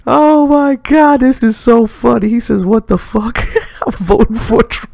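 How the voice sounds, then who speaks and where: A man hosting a casual reaction stream, excitable and profane, laughing often between comments. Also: extremely high pitch, slow pace, gravelly, dry recording. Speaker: reaction channel host.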